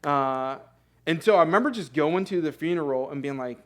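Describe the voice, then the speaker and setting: A young male pastor delivers a sermon in a church sanctuary. His voice sits a little high, and he speaks in an earnest, conversational way, full of fillers and quick self-corrections. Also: expressive.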